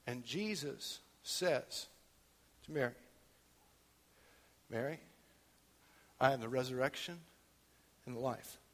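A man preaching a sermon in church, swinging from quiet talk to loud shouting. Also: medium pitch, big-room sound. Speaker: pastor.

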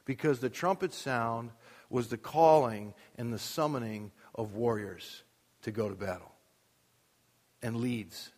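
Preaching in a reverberant church hall with a sound booth, a pastor delivers a sermon with rising emphasis and rhetorical questions. His mid-range voice has a darkish tone and moves a little slowly.

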